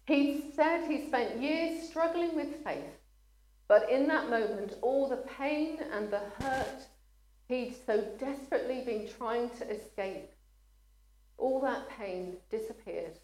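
Her voice is on the high side and a little mellow as she delivers an earnest sermon. At times emotion overtakes her and she pauses to apologize, and the room echoes.

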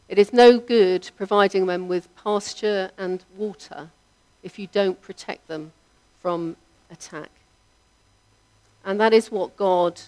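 A woman with a mid-range voice preaches a sermon in a measured, reflective way, letting the ends of her lines trail off softly.

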